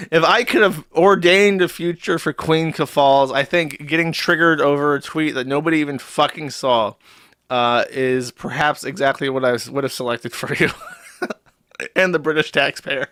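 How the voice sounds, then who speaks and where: A man riffs sarcastically on a livestream in a bright, forceful voice that sits a little high. His tone is mocking and sardonic, with frequent swearing. The recording is close and dry. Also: moderate pace, dry recording. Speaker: livestream host.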